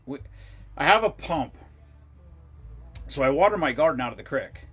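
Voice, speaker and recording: A man's voice: fairly high pitch, expressive, moderate pace, fairly bright tone, husky. A middle-aged man hosting a casual livestream, telling rambling stories in a loose, profane way. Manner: rambling, profane storytelling with laughs. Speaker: livestream host.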